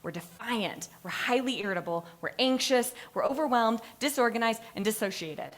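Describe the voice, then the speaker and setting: A woman's voice: on the high side, normal speed. A woman giving a class presentation, telling stories with energy, acting out moments and laughing at herself. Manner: animated storytelling, acting out moments; laughs at her own stories. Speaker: student presenter. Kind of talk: lively capstone presentation.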